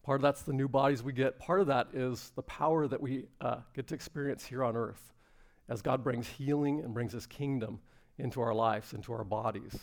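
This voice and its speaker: A man's voice: medium pitch, fairly even intonation, normal speed, vocal fry, a little mellow. A man preaching a fervent, earnest sermon to a congregation in a room. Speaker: pastor.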